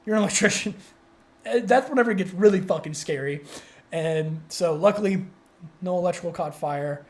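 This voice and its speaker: A young man co-hosting a podcast, telling a story in casual chat, excitable and rambling with frequent swearing and restarts. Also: sits high, a little fast. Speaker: podcast co-host.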